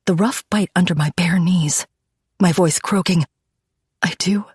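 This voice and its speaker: A woman reads a dark romance audiobook in the first person, with a low, husky voice. Her delivery is intimate and dramatic. The recording is dry and close. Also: normal speed, dry recording. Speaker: audiobook narrator.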